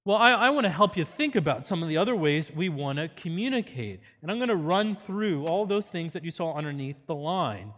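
A man's voice: on the high side, big pitch swings, fairly quick, few pauses, a bit bright, long reverb tail. A man giving an earnest, teacherly parenting seminar with a faith focus.

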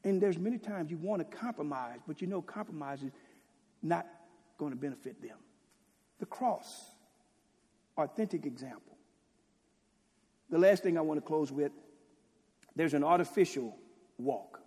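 A man preaching with fervor, his fairly high voice carrying a husky edge. He swings from ringing declamation down to hushed, almost whispered lines and keeps throwing out rhetorical questions. The sound rings with the long reverb of a large hall. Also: expressive, normal speed, pauses often. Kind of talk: sermon.

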